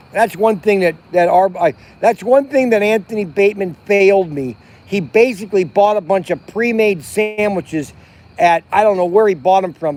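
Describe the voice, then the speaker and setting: Chatty middle-aged man, high voice. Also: a little mellow. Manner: rambling, chatty, many restarts and fillers. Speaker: vlog host. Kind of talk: casual livestream chat. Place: outdoors at a campground by a fire at night.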